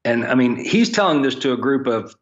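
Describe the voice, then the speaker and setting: Brisk and animated, this mid-range male voice comes through with the highs cut off. He's a pastors' ministry leader guesting on a podcast, a frank, joking storyteller who uses plain, blunt wording.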